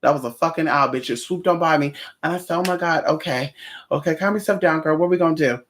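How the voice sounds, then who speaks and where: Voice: medium pitch, fast, a bit bright, a little hiss or hum. A livestream host chatting casually with viewers in a sassy, profane way, calling them honey.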